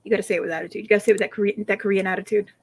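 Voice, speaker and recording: A woman's voice: medium pitch, fairly even intonation, very fast, breathy edge. A young adult woman chatting casually, telling stories with laughter and playfully teaching foreign phrases. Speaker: streamer chatting with a co-host. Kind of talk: casual chat.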